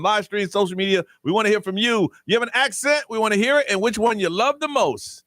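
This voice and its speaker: A man's voice: high voice, quick pace, hardly any pauses, no room sound, studio quality. A man hosting a live radio show, joking and laughing with his co-hosts and reading out the call-in number. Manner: laughing, animated, plays with funny voices. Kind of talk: casual morning radio banter.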